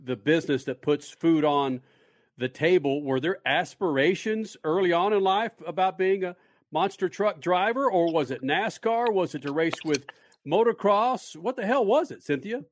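A man's voice: sits high, moderate pace. A man hosting a motorsports radio show, interviewing a guest in a loose, joking way from a studio microphone.

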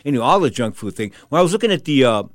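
A man's voice: medium pitch, racing, no echo, studio quality. A man hosting a boxing talk show in a rambling, blunt, casual monologue. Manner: animated, digressive, blunt.

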